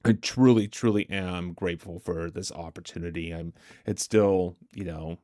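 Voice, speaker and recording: A man's voice: sits low, steady tone, normal speed, warm tone. A man hosting a livestream, chatting casually with viewers, answering their comments aloud and laughing often. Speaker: livestream host. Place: home streaming setup.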